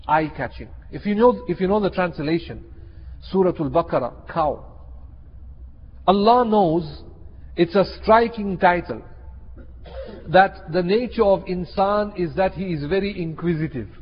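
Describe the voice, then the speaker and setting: Brief: husky, fairly high-voiced male preacher, animated storyteller, dull hall recording. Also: a little slow, pauses often. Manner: animated, acts out characters in a story. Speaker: Islamic teacher. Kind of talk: sermon with storytelling.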